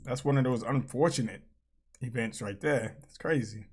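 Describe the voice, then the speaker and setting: A woman hosting a reaction video, talking through clips with frequent laughter and loud exclamations. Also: a bass voice, moderate pace, breathy edge. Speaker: channel host.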